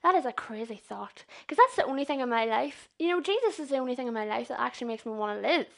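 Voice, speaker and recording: Young northern irish girl giving a chatty sermon, high voice, keeps asking if ur with her. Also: expressive, fast talker, vocal fry, fairly bright tone. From Northern Ireland. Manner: chatty, earnest, asks the listeners questions. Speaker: young preacher. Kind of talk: informal sermon.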